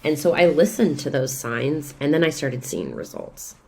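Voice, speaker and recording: Low-voiced woman telling her story with energy. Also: moderate pace, creaky. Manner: lively, expressive storytelling. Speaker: guest, real estate investor and coach. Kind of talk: casual podcast conversation.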